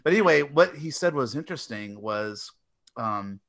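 A man co-hosting a casual podcast, retelling movie scenes in an animated way with laughs and acted-out bits. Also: mid-range voice, normal speed, a crowd in the background. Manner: animated storyteller who acts out scenes with squeals and laughs. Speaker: podcast co-host. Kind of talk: casual chat about movies.

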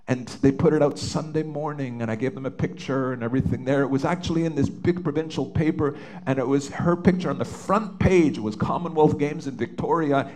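A man's voice: medium pitch, darkish tone. A middle-aged man from Canada recounting a personal family story with earnest emotion, often hesitating and restarting. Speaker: father telling his story. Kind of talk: personal testimony.

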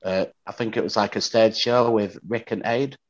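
A man's voice: fairly low pitch, fairly even intonation, moderate pace. A male podcast guest in casual film chat, easygoing and sharing trivia. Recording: slightly dull recording.

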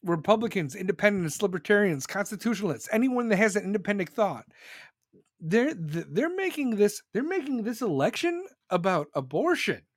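Heated host, swears and repeats for emphasis; animated delivery, dry room. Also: male voice, high-pitched, moderate pace, dry recording. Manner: profane, emphatic, repeats himself. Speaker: podcast host. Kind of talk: heated political rant.

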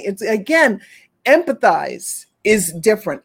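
A woman's voice: medium pitch, lively intonation, unhurried. A woman who talks with animals, explaining her work in an earnest, repetitive conversational way. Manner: earnest, repetitive, acts out pitying voices. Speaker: animal communicator guest. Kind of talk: casual conversation.

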